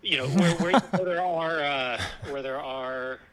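A man casually talking about hiking with his dog, thoughtful and relaxed, with many fillers and restarts. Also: a little high, unhurried, a crowd in the background, low-quality recording. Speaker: hiker discussing a trip with his dog. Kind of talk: casual chat.

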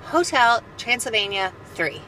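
A woman co-hosting a podcast in casual chat, blunt and teasing, quick to contradict. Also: on the high side, lively intonation, sharp tone, slight background noise, rough recording. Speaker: podcast co-host.

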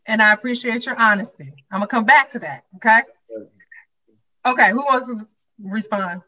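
A woman moderating a panel, briskly prompting questions. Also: on the high side, pushed and bright. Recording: distant, dull lo-fi audio.

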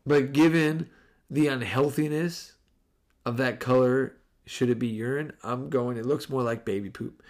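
A man's voice: medium pitch, steady tone, measured pace, a little mellow. A man hosting a podcast in casual Q&A, rambling, breaking off mid-sentence and laughing easily. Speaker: podcast host.

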